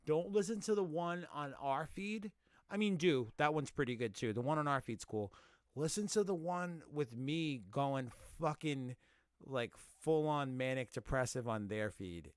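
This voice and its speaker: A man hosting a casual podcast live stream, rapping a long name list fast and swearing as he jokes about himself. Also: on the high side, lively intonation, clean tone, no room sound, studio quality. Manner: rapid rhythmic list rapping, swearing, self-mocking. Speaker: podcast host.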